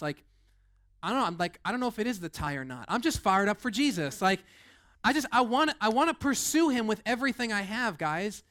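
A man's voice: sits high, a bit bright. A young man preaching as a lead pastor, fired up and rambling, with many restarts and fillers. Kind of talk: energetic sermon.

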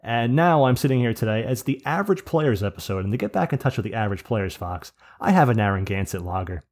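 Man, podcast host, rambling and profane, lowish voice. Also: very animated, quick pace, a little mellow. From New Jersey. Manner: rambling, profane, frequent restarts and laughs. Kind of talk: casual podcast storytelling.

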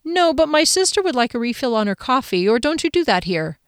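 A woman voicing a lively, supportive adult sister in an audiobook, speaking brightly and with polite firmness. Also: high voice, a little fast, smooth, no room sound, studio quality, pitched above the performer's own voice. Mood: brisk.

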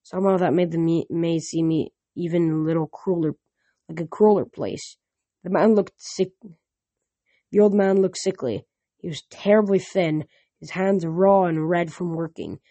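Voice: mid-range voice, fairly even intonation, normal speed, mellow, no echo. A reader reading a novel aloud in first person, with frequent slips and restarts.

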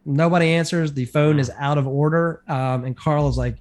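A man's voice: a little high, fairly even intonation, moderate pace, hardly any pauses. A man casually recapping a TV episode on a podcast, rambling with lots of fillers. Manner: rambling, filler-heavy retelling. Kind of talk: casual chat.

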